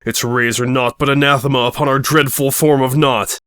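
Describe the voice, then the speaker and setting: A man voicing a pompous, dim-witted male dark lord who speaks in grandiose, melodramatic tones. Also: medium pitch, steady tone, a little fast, clear, resonant tone, dry recording, studio quality, lightly acted. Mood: bombastic.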